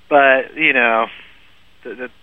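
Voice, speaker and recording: A man's voice: medium pitch, no echo. A man telling a long funny story in casual podcast chat, laughing often and restarting his sentences. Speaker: guest storyteller. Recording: phone-like lo-fi, dry.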